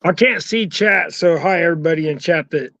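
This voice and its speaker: A man on a live chat tells stories in a rambling, hesitant way. His voice sits a little high for a man. The sound is dry and muffled, with no room echo. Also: brisk, a bit bright. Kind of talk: casual livestream chat. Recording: dry, dull call audio.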